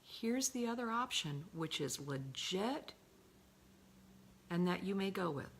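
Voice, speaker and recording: A middle-aged woman giving a calm coaching talk, often slipping into a breathy whisper and stretching key words slowly. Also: fairly low pitch, slight background noise. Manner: slow, drawn-out emphasis on key words. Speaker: love coach.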